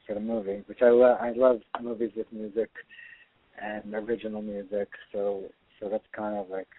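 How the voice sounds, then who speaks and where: A middle-aged actor and filmmaker, talking earnestly as a guest in a radio interview, rambling with many restarts. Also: male voice, lowish voice, no echo. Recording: tinny dry phone line.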